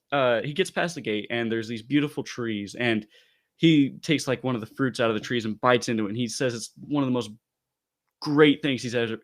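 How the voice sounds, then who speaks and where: A man co-hosting a casual podcast, retelling a story in an animated way with loose asides. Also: mid-range voice. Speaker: podcast co-host reviewing comics.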